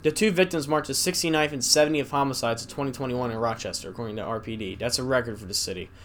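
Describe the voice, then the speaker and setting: A young man hosting a solo podcast, rambling casually and reading news stories aloud haltingly with asides. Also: medium pitch, a bit bright, a little hiss or hum. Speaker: podcast host.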